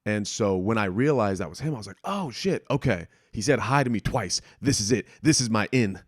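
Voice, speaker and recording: This young podcast host talks briskly in a lowish voice, spinning rambling, profane, self-mocking stories and voicing other people's lines in a casual monologue. The audio is clean studio sound without echo.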